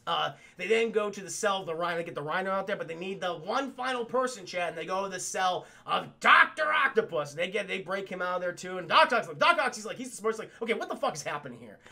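A man's voice: high voice, expressive, fast, gravelly, few pauses, sharp tone. A man giving a profane, rambling casual recap of a cartoon episode on a live stream, talking to his chat.

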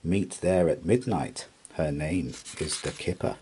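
A man voicing a bold, scheming tomcat pirate captain in a calm, confident storybook voice. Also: rumbling low, a little slow, a little hiss or hum, pitched below the performer's own voice.

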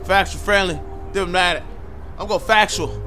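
A man giving loud, profane, joking commentary on a game as he plays, talking back to the characters. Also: high voice, fairly quick. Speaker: gamer. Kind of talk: comedic gameplay commentary.

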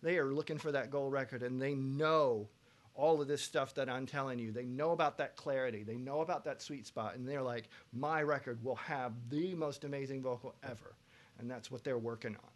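A man teaching a pop vocal production masterclass to students, lively, breaking into loud sung examples. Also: medium pitch, a little fast. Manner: animated, belts out sung examples.

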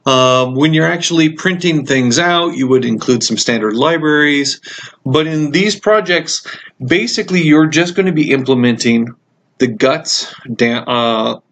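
A man teaching a programming course over a screen recording, explaining code in a relaxed way with frequent ums and uhs, while he has the hiccups. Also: medium pitch, a little hiss or hum. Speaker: computer science instructor. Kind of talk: screencast code walkthrough lecture.

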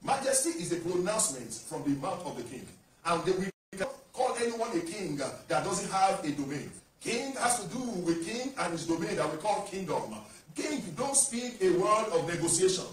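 Male pastor, high voice, declamatory sermon delivery, recorded from a distance in a very echoey church. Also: very animated, normal speed. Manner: declamatory preaching with call-and-response. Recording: echoey church hall from far off.

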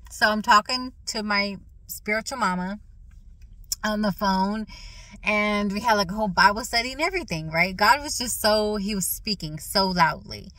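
A woman in a casual faith testimony vlog, talking excitedly while chewing gum and repeating phrases for emphasis. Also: mid-range voice, moderate pace, dry recording, rough recording. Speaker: vlogger sharing a faith testimony.

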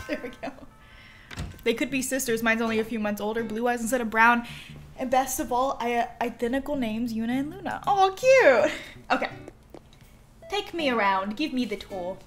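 Young woman streamer, high lively voice, bright and giddy, soft game music behind. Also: moderate pace, pauses often. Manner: giddy, gushing, giggles often. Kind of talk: casual live-stream chatter while gaming.

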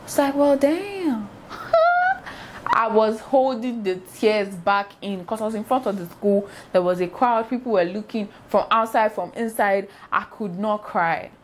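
Animated woman telling a story. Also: medium pitch, moderate pace, few pauses, background noise. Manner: animated storyteller acting out sounds and quoted voices. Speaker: vlogger. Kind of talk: casual storytime vlog.

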